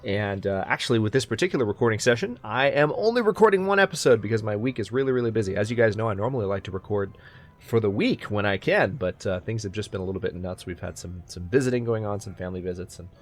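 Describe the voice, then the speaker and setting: A man's voice: fairly low pitch, expressive, fast talker. A man hosting a let's play, chatting casually and thinking aloud as he plays. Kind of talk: casual gaming commentary.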